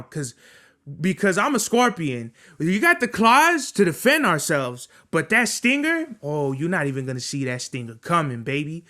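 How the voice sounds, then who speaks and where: A young man hosting a podcast, telling a workplace story as a profane, animated rant full of street slang. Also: sits high. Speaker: podcast host.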